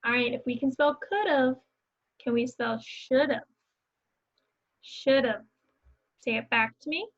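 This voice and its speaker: A young woman teacher leads a phonics lesson for small children at a very slow, careful pace, stretching out each sound. Her voice sits a little high, and she keeps cheering the children on and having them say words back. The recording is a bit muffled and dull. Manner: encouraging, repeats words for students to echo.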